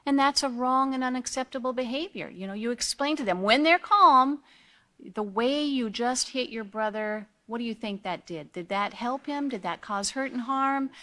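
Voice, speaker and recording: A woman's voice: a little high, fairly bright tone. A woman teaching a character education training course, earnestly walking parents through guidelines and asking them questions along the way. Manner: earnest, asks the listener rhetorical questions.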